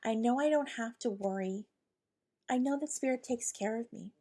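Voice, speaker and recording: A woman's voice: fairly high pitch, normal speed, warm tone. A woman hosting a podcast, talking casually and ramblingly about spiritual guidance, with lots of fillers and quoted inner dialogue. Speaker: podcast host, intuitive channeler.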